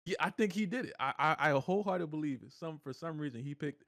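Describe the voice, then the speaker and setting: A man's voice: a little high, quick pace, fairly bright tone, no room sound, clean studio sound. A man co-hosting a podcast in loose, joking casual chat, swearing freely. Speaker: podcast co-host.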